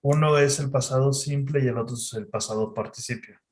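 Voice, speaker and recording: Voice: medium pitch, fast talker. An English tutor giving an online lesson with patient, guiding prompts.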